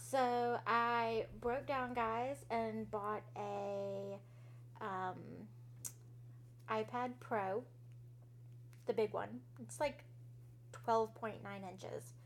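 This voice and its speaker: A woman hosting a podcast in a casual chat, bubbly, giggly and easily excited. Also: fairly high pitch, drawn-out words, pauses often, a little hiss or hum. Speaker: podcast host.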